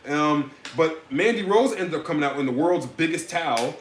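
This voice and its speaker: A man's voice: a little high, lively intonation, moderate pace, echoey room, a little hiss or hum. A man hosting a casual podcast chat, rambling and sarcastic, with frequent restarts. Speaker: podcast host.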